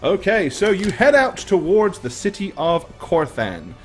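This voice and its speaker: Male game master, relaxed narration, hesitant pauses, faint music behind. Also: high-pitched.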